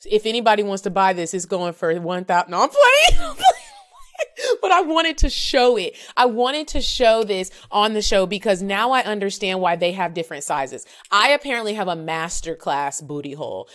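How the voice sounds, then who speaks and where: A woman's voice: mid-range voice, expressive, fairly quick, hardly any pauses, fairly bright tone. A woman in her thirties telling a story frankly and with animation on a podcast, acting out both sides of the talk. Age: 30s. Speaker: podcast co-host. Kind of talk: casual storytelling chat.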